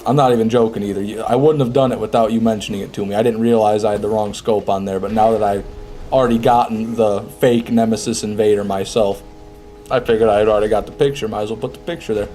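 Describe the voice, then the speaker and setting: A man's voice: lowish voice, fairly even intonation, fast, dark tone, soft background music. A man chatting casually over live gameplay, reading and answering viewer messages as he plays. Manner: chatty, reads and answers chat. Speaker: streamer.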